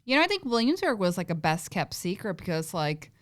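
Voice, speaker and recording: A woman's voice: on the low side, very animated, brisk. A woman hosting a podcast, chatting casually and reminiscing. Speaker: podcast host. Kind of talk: casual chat.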